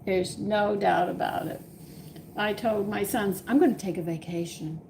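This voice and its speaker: In this casual live-stream chat, a Texan woman of older age runs a home cooking show and swaps exasperated, laugh-filled stories about home with her viewers. Her voice is medium-pitched and darkish, paced moderately, with slight noise in the background.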